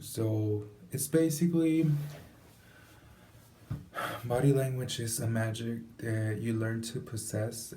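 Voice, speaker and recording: A man's voice: fairly low pitch, gravelly. A man giving an informal, conversational talk with tips, acting out examples as he explains. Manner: casual, conversational, demonstrates examples aloud. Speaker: presenter. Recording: distant mic with faint background noise.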